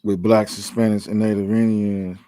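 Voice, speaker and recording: A man's voice: on the low side, level tone, normal speed, mellow, no echo. A man leading a class, reading a Bible verse aloud and explaining it in plain, earnest words. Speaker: class leader reading scripture. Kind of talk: scripture reading and commentary.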